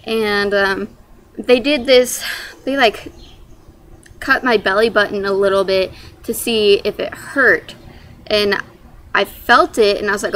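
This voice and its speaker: A woman's voice: mid-range voice, steady tone, normal speed, fairly bright tone, slight background noise. A young woman casually telling a personal story in a vlog, rambling with many "like" and "um" fillers. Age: young adult. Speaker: young mother telling her birth story.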